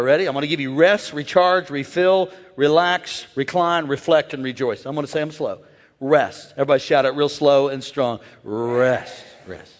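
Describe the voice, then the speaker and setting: A man who is a pastor, preaching a lively sermon and calling out to the congregation to join in. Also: fairly high pitch. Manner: energetic, playful call-and-response with the crowd. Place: large church. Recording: long church hall reverb.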